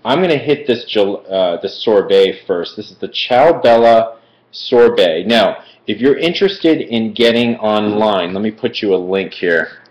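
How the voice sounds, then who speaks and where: A man's voice: on the low side, expressive, a little slow. A man from Philadelphia doing a casual live-stream food review, chatty and rambling, with many fillers and digressions. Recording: echoey room, dull lo-fi stream audio.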